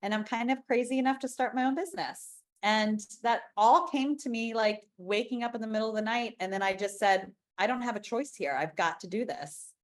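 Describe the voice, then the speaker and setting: Her voice is a little high and a little fast, with few pauses. A business founder in her forties, she's a frank, emphatic interview guest who keeps restarting sentences during the candid chat.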